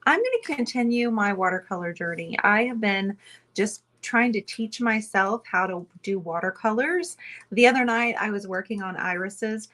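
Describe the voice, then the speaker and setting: A woman's voice: medium pitch, lively intonation, normal speed, fairly bright tone. A woman hosting a casual live painting stream, talking chattily and rambling to viewers while she sits close to the camera at a table indoors. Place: indoors at a table, away from usual setup.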